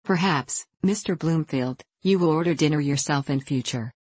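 A cool, curt lady of the house answers in short, clipped words, as an audiobook reader puts her on. Her replies are concise and flat. The sound is dry and close. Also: medium pitch, moderate pace, breathy edge, dry recording, close to an everyday voice.

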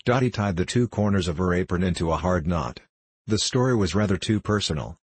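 A man reading a children's storybook aloud in a measured, even way. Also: low-pitched, slightly rough, no room sound. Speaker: audiobook reader. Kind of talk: scripted narration of a children's book.

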